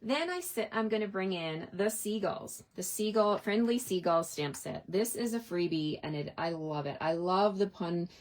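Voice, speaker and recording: A woman's voice: mid-range voice, normal speed, few pauses. A middle-aged woman in a casual, chatty craft tutorial, talking through her stamping steps at a desk and often asking "right?". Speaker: card-making demonstrator.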